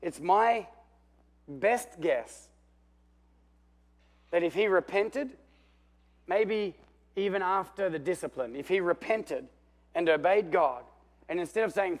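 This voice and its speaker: A man preaching a lively sermon in a fairly high voice. He tells the story with animation, swings between booming and hushed, and calls on the room for amens. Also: slow pace, long pauses. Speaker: pastor.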